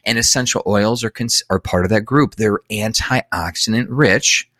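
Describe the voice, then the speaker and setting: Deep-voiced man explaining with emphatic repetition. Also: moderate pace, pushed and bright, no echo, studio quality. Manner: earnest, repeats words for emphasis, frequent self-corrections. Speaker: guest expert. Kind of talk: explanatory interview talk.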